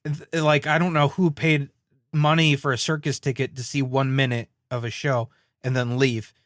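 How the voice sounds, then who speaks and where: A man co-hosting a cartoon podcast in casual chat, animated, acting out quotes and laughing often. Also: mid-range voice, moderate pace, dry recording, studio quality. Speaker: podcast co-host.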